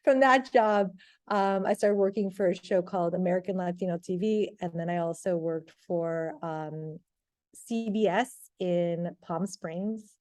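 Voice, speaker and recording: A woman in her thirties, a TV reporter telling her career story in a casual interview, rambling with lots of "like" and lively retellings. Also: on the low side, a little slow. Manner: rambling, heavy use of "like", animated retelling. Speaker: TV sports reporter, guest.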